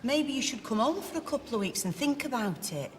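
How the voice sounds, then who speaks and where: A fussing, anxious middle-aged mother from a TV sitcom, with a slightly high voice. The sound carries a long, hall-like reverb. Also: big pitch swings, a little fast.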